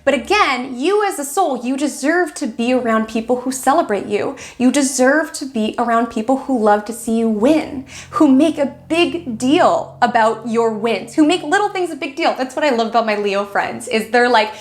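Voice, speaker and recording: A woman's voice: high-pitched, lively intonation, normal speed, few pauses. A woman astrologer giving a casual weekly horoscope talk, chatty, acting out quoted friends and filling her speech with "like".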